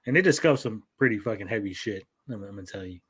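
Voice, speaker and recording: A man and parent, a podcast co-host, telling stories in casual chat, animated and full of swearing. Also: on the low side, quick pace, slightly rough. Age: adult parent. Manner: profane, animated storytelling.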